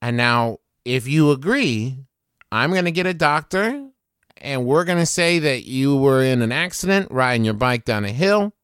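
Man doing a menacing young woman, West Virginia drawl, slow quiet threats, mid-pitched, dry close sound. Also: animated, clear, resonant tone, dry recording, natural voice. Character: calm, menacing young woman with fire magic.

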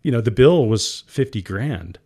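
A man's voice: mid-range voice, animated, moderate pace, a little mellow, husky. A man, a company founder, candidly telling his story as a guest in an interview, earnest and emotional.

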